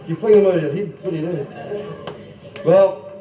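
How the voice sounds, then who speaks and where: A man's voice: high-pitched, moderate pace. A Scottish man telling jokes and singing comic songs in live club comedy, with playful banter. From Scotland. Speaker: stand-up comic and singer. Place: police social club function room. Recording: dull roomy 1970s live club recording from a distance. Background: band music and laughing audience.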